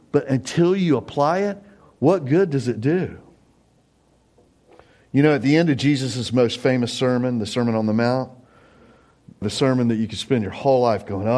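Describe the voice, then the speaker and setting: A man's voice: mid-range voice, darkish tone. A middle-aged male pastor delivering a sermon in an earnest, conversational tone. He talks plainly to his listeners, then lifts his voice sharply to drive a point home. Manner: earnest, conversational preaching with emphatic rises.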